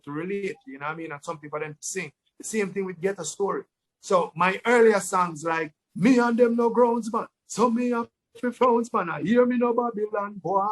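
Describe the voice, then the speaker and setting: Jamaican man, fairly high voice. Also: low-quality recording. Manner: relaxed, repeats words, breaks into his song lines. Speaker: dancehall artist, interview guest. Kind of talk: casual interview talk.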